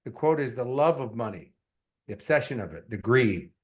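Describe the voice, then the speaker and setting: A man's voice: medium pitch, animated, moderate pace, close to an everyday voice. A man playing a blunt, confronting mentor. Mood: challenging. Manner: pushy, confronting. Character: blunt older male mentor, gruff and challenging.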